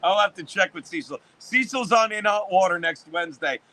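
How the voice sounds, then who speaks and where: Fifties male livestream host, high-pitched and punchy, rambling and cursing through casual chat. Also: animated, fairly quick, pushed and bright. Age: 50s. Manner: profane, rambling sports rant.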